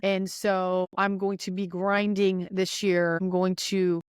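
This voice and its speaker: A young woman hosting her podcast, giving listeners an energetic, chatty pep talk and speaking right to them. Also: medium pitch, slow pace, clean tone, dry recording, clean studio sound. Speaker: podcast host. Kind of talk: casual motivational monologue.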